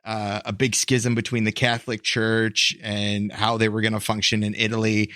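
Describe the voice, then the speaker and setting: A man co-hosting a podcast, explaining history in a halting, rambling way full of fillers. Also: fairly low pitch, monotone, sharp tone, dry recording, studio quality. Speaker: podcast co-host.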